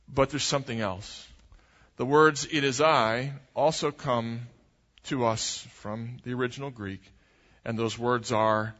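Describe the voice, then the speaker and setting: Preaching man in a reverberant church. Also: lo-fi sound. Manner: lively preaching, rising for emphasis and dropping low and slow on key points. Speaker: pastor. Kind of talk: sermon.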